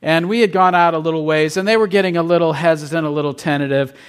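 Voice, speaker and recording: A man's voice: a little high, steady tone, fast, clear, resonant tone. A middle-aged man preaching as a pastor, telling a story casually and asking the congregation questions. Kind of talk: conversational sermon.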